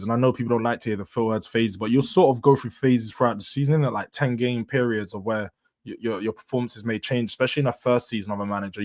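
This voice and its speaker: A young man hosting a casual live stream, talking slangy and laughing often as he chats with viewers. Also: mid-range voice. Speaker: livestream host.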